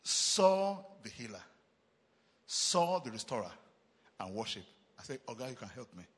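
A Nigerian man preaching a sermon as pastor, emphatic and repetitive, with quick chuckles. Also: mid-range voice, big pitch swings, husky, big-room sound.

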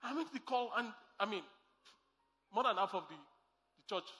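A man's voice: sits high, lively intonation, normal speed, bright, forceful tone. A man preaching a sermon as pastor, emphatic and repeating his key lines. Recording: echoey hall with faint music.

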